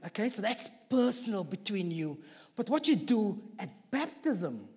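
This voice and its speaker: A man's voice: high voice, big pitch swings, moderate pace, darkish tone. Man preaching in an echoey church hall. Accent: non-local accent. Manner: informal, jokey asides, self-deprecating about his accent. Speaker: guest preacher. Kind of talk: sermon.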